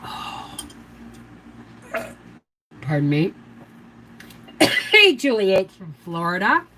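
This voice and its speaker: A woman's voice: mid-range voice, sing-song, slow pace, sharp tone, slight background noise, rough recording. An older woman hosting a casual homestead livestream, rambling and chatty as she walks viewers through canning steps. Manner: rambling, chatty, giving step-by-step canning instructions. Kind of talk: casual live-stream chat.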